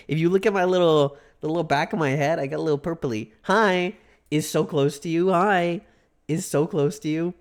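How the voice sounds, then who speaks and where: A young man chatting casually with viewers on a livestream, rambling, laughing often and stammering through repeated words. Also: a little high.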